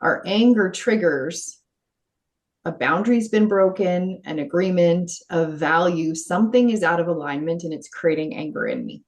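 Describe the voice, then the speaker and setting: Female coach as podcast guest, lowish voice, earnest and animated, laughs easily. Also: normal speed. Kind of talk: conversational interview.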